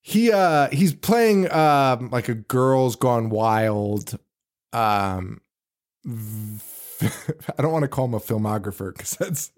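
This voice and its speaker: A man's voice: medium pitch, takes it slowly. A man co-hosting a horror movie podcast, chatting casually and telling stories with lots of laughs and restarts. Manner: animated storyteller, frequent laughs and restarts. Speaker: podcast co-host. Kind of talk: casual chat.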